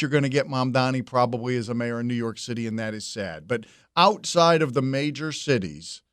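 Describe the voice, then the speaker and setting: A man's voice: medium pitch, clear, resonant tone, no room sound, studio quality. A man hosting political commentary in a mocking, sarcastic, conversational way.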